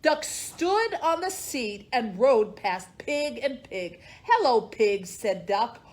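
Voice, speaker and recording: A woman librarian reads a children's picture book aloud at an unhurried pace. Her fairly high voice swoops up and down in a sing-song storytime manner, and she acts out each animal as it speaks. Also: expressive.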